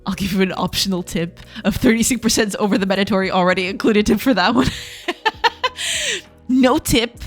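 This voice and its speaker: A woman's voice: mid-range voice, brisk, faint music behind. A woman streaming game development live, chatting casually with viewers, giggling often and tripping over her words in a self-deprecating way. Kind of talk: casual livestream chat, reacting to chat.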